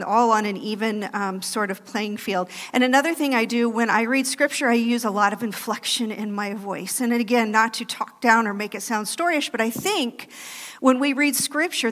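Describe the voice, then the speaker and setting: A woman preaching a sermon in a church, loud and animated, with laughing asides. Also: a little high. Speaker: guest preacher. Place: church sanctuary. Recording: long hall reverb.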